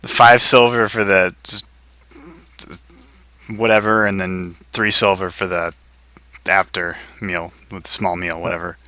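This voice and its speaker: A man running a tabletop game as game master, brisk and wry as he narrates and steers the players. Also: sits low, steady tone, bright, forceful tone, dry recording.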